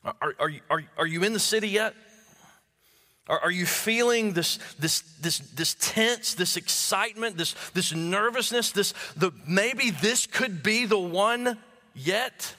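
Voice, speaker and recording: Male preacher, high bright voice, stammering repeats, sinks to hushed tones, long church reverb. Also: unhurried. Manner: stammering restarts, repeats words while building emphasis; drops to low hushed tones for key phrases. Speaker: pastor. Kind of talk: sermon.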